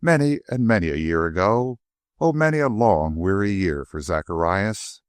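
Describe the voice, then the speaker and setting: A man voicing an elderly male servant who speaks softly and slowly, looking back on his past. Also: deep voice, expressive, clean tone, dry recording, studio quality. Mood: wistful.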